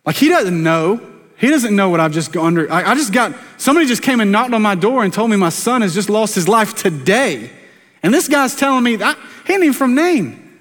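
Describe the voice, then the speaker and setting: A pastor with a high voice preaches to his congregation. He keeps it chatty and jokes at his own expense. His words ring with the long reverb of a church sanctuary. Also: big pitch swings, a bit bright. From South Carolina, US. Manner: conversational, self-deprecating preaching with quick asides to the congregation. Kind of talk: sermon.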